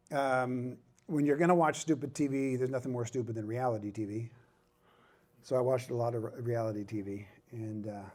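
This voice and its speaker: A man's voice: medium pitch, darkish tone. A middle-aged man speaking at a ministry conference, with a self-deprecating, joking manner and emphatic repetition. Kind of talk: humorous conference talk.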